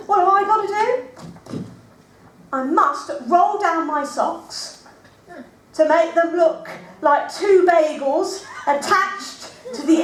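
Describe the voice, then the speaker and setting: A woman's voice: sits high, reverberant, recorded from a distance, a little hiss or hum. An actress playing an awkward, self-mocking adult woman in a comic stage monologue, rambling and chatty.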